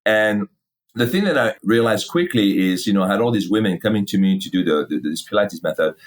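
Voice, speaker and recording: A middle-aged man, a fitness company founder, telling his story in a casual interview, animated, swearing freely and acting out old conversations. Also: fairly low pitch, a little fast. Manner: animated, swears freely, acts out past dialogue.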